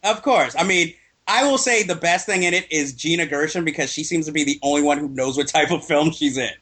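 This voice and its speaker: A man's voice: a little high, fairly quick, fairly bright tone. A man chatting casually about films, opinionated and laughing often. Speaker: guest film reviewer. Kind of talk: casual film chat.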